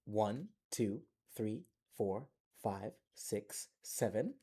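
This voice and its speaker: A man reads a bedtime picture book aloud, breaking off for chatty asides to young listeners. His voice is warm and mellow. His pitch swings widely and playfully. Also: big pitch swings, takes it slowly, hardly any pauses, slightly rough. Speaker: library storyteller.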